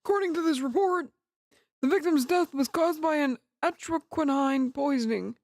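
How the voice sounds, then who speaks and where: A woman voicing an earnest young male defense attorney with a quick, earnest delivery. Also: high-pitched, a little mellow, no room sound, voice pushed up.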